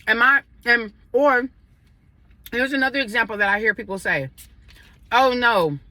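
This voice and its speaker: Woman eating and chatting at the camera, bright voice, talks right to y'all. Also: a little high, a little slow, dry recording. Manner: chatty, addresses viewers directly, eating while talking. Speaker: vlogger sharing advice. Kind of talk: casual chat over a meal.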